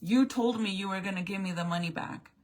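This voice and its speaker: A woman's voice: mid-range voice, fairly quick, darkish tone, low-quality recording. A middle-aged woman venting to her viewers in a profane, exasperated rant. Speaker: vlogger. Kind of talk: angry rant to camera.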